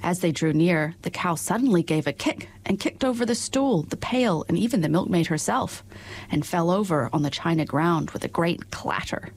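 Husky-voiced woman reading a storybook. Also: lowish voice. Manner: measured, expressive reading. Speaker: narrator. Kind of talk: storybook narration.

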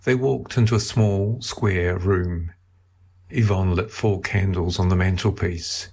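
A man narrating a novel as an audiobook in a measured, steady storytelling way. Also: deep voice, slightly rough.

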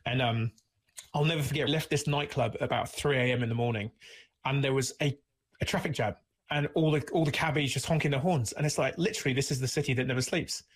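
A man's voice: mid-range voice, quick pace. A man hosting a casual conversational interview, rambling with many restarts and filler words. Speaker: podcast host.

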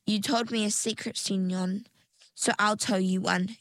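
A woman voicing a hopeful young mermaid girl in a storybook, eager and lifting high on her questions. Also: steady tone, unhurried, a bit bright, dry recording. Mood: confiding. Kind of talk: storybook character voice.

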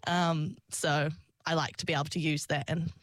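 A woman's voice: deep voice, level tone, normal speed, dry recording. A young woman, chatting in an interview, laughing often and acting out her own past lines. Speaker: singer and actor, interview guest. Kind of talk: casual interview storytelling.

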